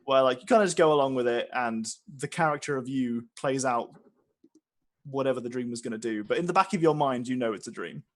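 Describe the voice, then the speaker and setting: A man's voice: mid-range voice, brisk. A man narrating as game master, rambling with many fillers and restarts. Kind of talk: narrating a tabletop game session.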